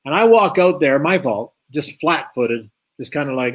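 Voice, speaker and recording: In an interview, a man who once boxed delivers a long, spirited anecdote about the sport, voicing each side of the dialogue. His pitch leans high and his pace stays moderate.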